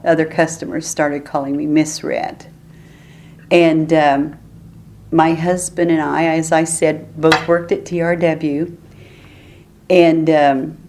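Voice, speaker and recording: Older woman, lower voice, chatty stories. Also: darkish tone, slight background noise. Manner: chatty, laughs often while telling stories. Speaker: oral history interviewee. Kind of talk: relaxed storytelling.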